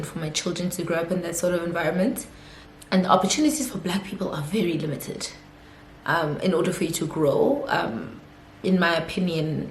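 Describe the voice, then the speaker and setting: A woman's voice: on the low side, slight background noise. A young South African woman in her twenties answering viewer questions in a casual vlog, chatty and giggly with lots of fillers. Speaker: YouTuber. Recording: echoey room.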